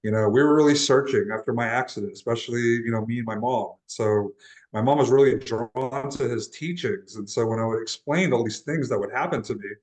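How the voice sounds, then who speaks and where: A man's voice: medium pitch, fairly quick, darkish tone, low-quality recording. A young man from Texas, a guest in an interview, telling a personal story in an earnest, casual way with frequent restarts. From Laredo, Texas, USA. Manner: earnest, often restarts and repeats words. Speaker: interview guest, transformational guide.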